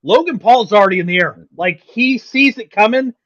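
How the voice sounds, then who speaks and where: High-pitched dude cohosting a sports stream, laughs a lot, swears, kinda muffled audio. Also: male voice, moderate pace. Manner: excitable, laughs often, swears casually. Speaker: co-host. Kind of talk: casual sports chat.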